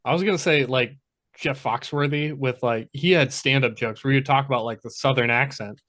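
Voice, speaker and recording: A man's voice: medium pitch, a little fast, a bit bright. A man co-hosting a podcast, speaking hesitantly with many fillers and second-guessing himself. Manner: hesitant, self-questioning, many "like"s. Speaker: podcast co-host. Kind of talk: casual chat.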